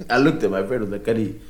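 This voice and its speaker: A young man chatting casually as a podcast host, swearing and repeating words as he tells an animated story. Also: mid-range voice. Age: young adult. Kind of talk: casual chat. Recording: roomy echo.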